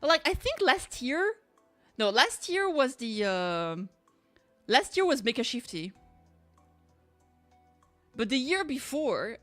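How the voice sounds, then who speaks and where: A young woman streaming a game, chatting excitably, giggling and swearing freely. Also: a little high. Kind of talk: casual gameplay commentary.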